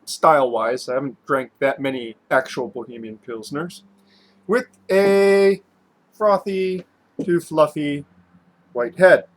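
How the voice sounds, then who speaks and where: A man's voice: fairly high pitch, takes it slowly. A man casually rambling through a beer review at home, chatty and self-mocking, with lots of fillers and restarts.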